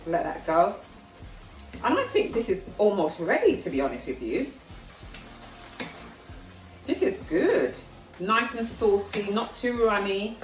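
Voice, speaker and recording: Cooking in her home kitchen, this South London vlogger talks casually and pokes fun at herself in a London accent. Her medium-pitched voice swings widely in pitch at a measured pace, with frequent pauses. She's far from the mic in an echoey room, with frying food sizzling behind her.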